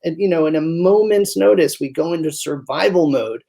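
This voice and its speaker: A man with a gravelly, slightly husky voice talks through his ideas in an interview. He has an animated storytelling manner and often slips into voices for the people in his examples. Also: a little high, normal speed. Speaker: guest physician. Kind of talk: conversational interview.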